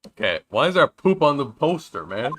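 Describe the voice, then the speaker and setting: A young man casually chatting while playing a story game, reading its lines aloud and joking loudly between them. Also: mid-range voice, sing-song, moderate pace, slight background noise. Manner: chatty, jokey, reads game lines with loud outbursts. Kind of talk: casual let's-play commentary reading dialogue aloud.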